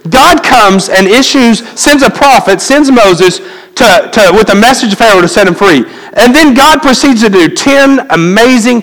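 A male pastor with a high, slightly bright voice preaches a sermon in a reverberant hall, speaking conversationally and asking the congregation questions.

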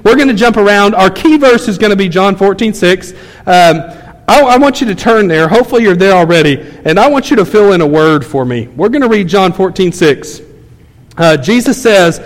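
A man's voice: high-pitched, lively intonation, fairly quick. A male pastor preaching a sermon in a church, emphatic and conversational, telling stories to his congregation. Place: church sanctuary. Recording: long church hall reverb.

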